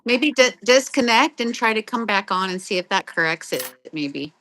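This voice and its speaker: Bright-voiced woman host, chatty and encouraging. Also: mid-range voice, animated, slight background noise. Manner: chatty, encouraging, quick to laugh. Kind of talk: casual chat. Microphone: video call.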